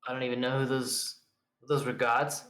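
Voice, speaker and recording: A man's voice: medium pitch, level tone, normal speed, a bit bright. Guy in an echoey room playing his character, stops and repeats words a lot. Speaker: player. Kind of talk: in-character tabletop role-play.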